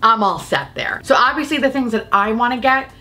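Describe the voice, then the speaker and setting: A woman's voice: fairly high pitch, fairly quick. A woman, a beauty YouTuber, chatting casually about makeup, swearing freely and laughing often. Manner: profane, giggly, animated and opinionated.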